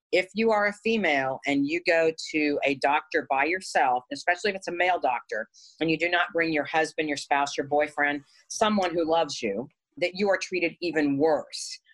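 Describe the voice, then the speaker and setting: A woman's voice: sits low, moderate pace, low-quality recording. A woman being interviewed, telling a personal story in a frank, earnest way with wry asides. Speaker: interview guest.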